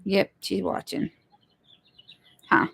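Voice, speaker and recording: A woman's voice: slow, a bit bright. A woman, chatting casually with viewers while hosting a home livestream. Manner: chatty, greets viewers, apologizes for tech trouble. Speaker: livestream host, homesteader.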